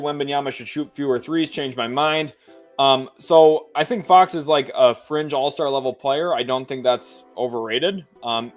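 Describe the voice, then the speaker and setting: A man giving casual basketball commentary on a stream, talking loosely with fillers and slowing down as he reads lists aloud. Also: mid-range voice. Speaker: sports commentator.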